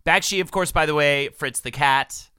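A male podcast co-host telling the story in relaxed, agreeable casual chat, swearing casually. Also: a little high, moderate pace, smooth, no echo, studio quality.

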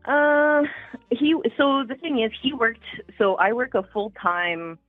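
A woman's voice: fairly high pitch, lively intonation, takes it slowly, no echo, faint music behind. Canadian woman caller on a tinny phone line. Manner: candid and chatty. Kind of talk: casual phone-in chat.

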